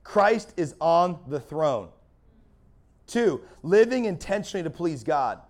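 A man's voice: fairly high pitch, sing-song, slow pace, darkish tone. A man preaching a sermon as pastor, fiery and building in intensity.

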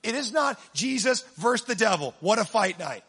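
High, husky-voiced male preacher. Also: moderate pace, few pauses. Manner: animated, swings from low asides to shouting, humorous. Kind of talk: sermon.

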